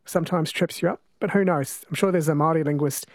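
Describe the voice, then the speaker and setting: A man hosting a radio talk show, chatting in a relaxed, thinking-aloud way. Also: on the high side, fast talker, dry recording, clean studio sound. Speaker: radio host.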